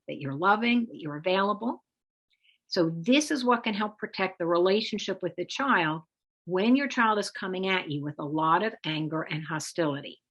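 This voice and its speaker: A woman presenting an instructive webinar talk as a parenting expert, speaking in a measured, explanatory way. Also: medium pitch, fairly bright tone, breathy edge. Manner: measured, explanatory, acts out example phrases for parents.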